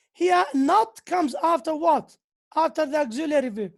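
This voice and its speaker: A woman's voice: sits high, animated, moderate pace, vocal fry. A woman lecturing on grammar who often repeats key phrases and reads out examples. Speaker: university lecturer. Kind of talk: slow lecture on English grammar.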